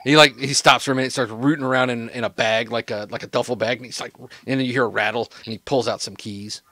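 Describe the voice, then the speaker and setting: Brief: game master man, casual rambling narration, bright tone, dry close mic. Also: medium pitch, steady tone, fast, dry recording. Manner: loose, rambling narration with many fillers.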